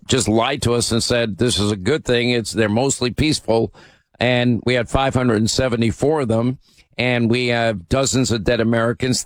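Male radio host, mid-pitched, dry studio sound, forceful and opinionated. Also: dry recording. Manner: emphatic, opinionated, frequent fillers. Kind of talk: talk radio hosting.

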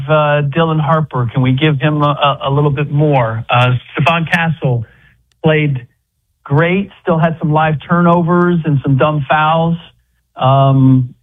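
A man's voice: fairly high pitch, narrow, tinny audio. A man giving casual basketball analysis as a remote guest, rambling with many restarts. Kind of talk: casual sports chat by phone.

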